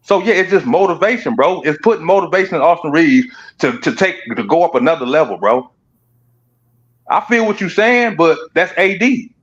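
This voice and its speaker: Slangy man co-host, slightly high voice, muffled audio. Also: expressive, normal speed, fairly bright tone. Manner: slangy, keeps saying bro. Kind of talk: casual sports talk. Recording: dull, lo-fi line.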